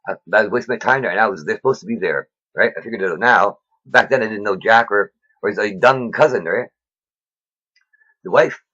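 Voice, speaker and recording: Casting note: husky man, rambling and excitable, preaching casually into a dull lo-fi recording. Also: mid-range voice. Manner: rambling, excitable, many fillers. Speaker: vlogger. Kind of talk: casual faith monologue.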